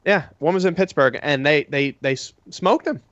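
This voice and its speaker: A man's voice: fairly high pitch, normal speed, a bit bright, no room sound, dull audio. A man co-hosting a casual sports podcast, rambling through his analysis with many fillers. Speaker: podcast co-host.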